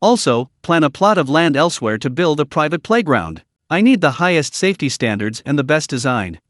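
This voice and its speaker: A man playing a doting rich young father in a storybook recap, gentle with children and decisive with staff. His voice sits fairly high for a man and moves lively in pitch. The sound is dry and close. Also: fairly quick, dry recording. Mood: fond.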